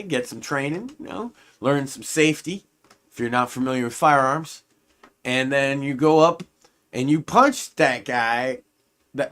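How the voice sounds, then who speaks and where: A man's voice: medium pitch, a bit bright. A man co-hosting a live stream, telling a long, crude, escalating comic story in a loose, rambling way. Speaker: stream co-host.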